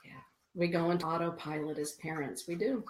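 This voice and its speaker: A woman's voice: fairly low pitch, fairly even intonation, brisk, slight background noise. A middle-aged woman hosting a spiritual live stream, reading viewer comments and oracle cards in a soothing, repetitive way. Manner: soothing, repeats phrases, reads viewer comments aloud. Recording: echoey room.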